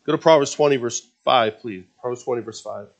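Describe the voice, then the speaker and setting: A man preaching a sermon as pastor, swinging between loud emphatic passages and quiet, confiding asides. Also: medium pitch, fairly quick, gravelly.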